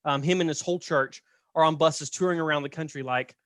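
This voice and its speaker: A man's voice: on the high side, steady tone, a little fast, a bit bright, dry recording, studio quality. Chatty man telling a story. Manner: chatty, laughing, frequent "right?". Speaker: podcast host. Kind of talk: casual storytelling.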